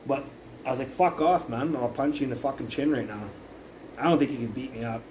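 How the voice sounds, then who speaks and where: A man's voice: medium pitch, quick pace, noisy background. A young man livestreaming from his phone, telling a long rambling story full of curses, fillers and restarts. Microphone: phone mic.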